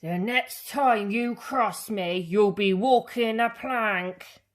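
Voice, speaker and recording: Woman playing a loud blustering storybook pirate captain, bellowing, raised voice. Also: mid-range voice, slow pace, voice pushed up, natural voice. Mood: threatening.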